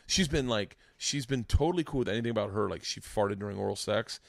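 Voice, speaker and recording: A man's voice: fairly low pitch, lively intonation, fast talker, gravelly, no echo. A man in his forties hosts a casual podcast chat, his voice close and dry on a studio mic. He tells loose personal stories, swearing freely and restarting sentences as he goes. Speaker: podcast host.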